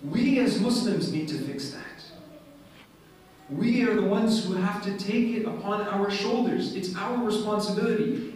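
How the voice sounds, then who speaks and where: A man's voice: high-pitched, darkish tone, slight background noise. A man giving an earnest, story-driven speech at a community event in a large mosque hall. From Canada. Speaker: guest speaker. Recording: echoey hall heard from far off.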